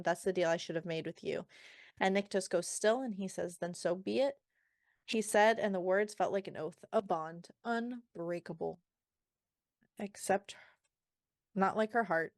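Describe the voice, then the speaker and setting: A woman co-hosting a podcast, recapping book chapters and adding wry, deadpan asides. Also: mid-range voice, dry recording, clean studio sound. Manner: wry one-word reactions. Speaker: podcast co-host. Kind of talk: casual book chat.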